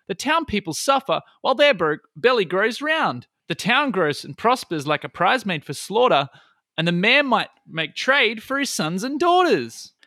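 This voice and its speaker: A man's voice: high voice, dry recording, clean studio sound, pitched above the performer's own voice, full character voice. A man doing a showboating rhyming bard. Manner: loud, showy, sing-song rhyming. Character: boastful young male bard battle-rapping on stage. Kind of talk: tabletop role-play voice.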